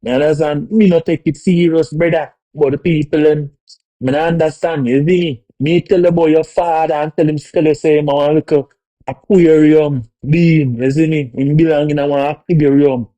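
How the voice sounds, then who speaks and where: A laid-back man from Jamaica who speaks broad Jamaican Patois, warm and mellow in tone. He rambles in a relaxed rant and keeps checking that the listener is following him. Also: a little high, normal speed. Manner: laid-back, keeps asking "you see me". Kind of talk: casual TikTok rant.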